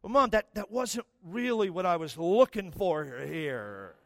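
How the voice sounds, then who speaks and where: A man's voice: high-pitched, very animated, a little slow, no room sound, studio quality. A middle-aged man, a pastor, preaching a sermon with humorous personal stories that build to emphatic exhortation. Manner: storytelling, self-mocking, rising to emphatic preaching.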